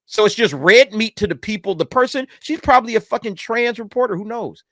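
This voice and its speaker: A man hosting a reaction commentary, swearing freely and answering the clip as it plays. His voice sits high and bright. It swings widely in pitch, recorded close in a dry, dead room. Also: a little fast, no room sound. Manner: animated, profane, talks back to clips. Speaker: commentary channel host.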